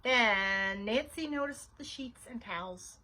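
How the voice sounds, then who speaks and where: A woman in her forties, a librarian, reads a children's book aloud with expressive storytelling. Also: a little high, slow pace. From United States. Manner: expressive, animated.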